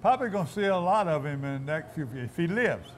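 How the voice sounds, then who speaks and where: A folksy host rambles and repeats himself as he chats. His voice sits a touch high for a man. Faint ambience of a busy shop hums underneath. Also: expressive, fast talker, a little hiss or hum. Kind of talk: casual outdoors-show chat. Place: inside a Cajun meat shop.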